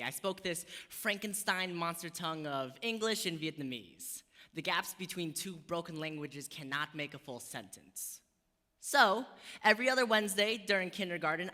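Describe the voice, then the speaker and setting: A young American man performing spoken word poetry, then talking casually about poetry with rhythmic delivery. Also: high-pitched. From United States. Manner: rhythmic, shifts from soft recited poetry to lively casual talk. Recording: long hall reverb.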